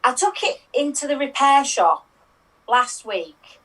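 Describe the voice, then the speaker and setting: A woman improvising as an eccentric time-travelling man, speaking slowly and haltingly. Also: high voice, expressive, fairly bright tone, far from the mic, full character voice, poor audio. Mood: flustered. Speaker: improv performer.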